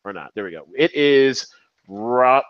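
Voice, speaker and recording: Animated, profane podcast host man. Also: mid-range voice, a little slow, dry recording, highs cut off. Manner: animated, profane, rambling with restarts. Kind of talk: casual movie chat.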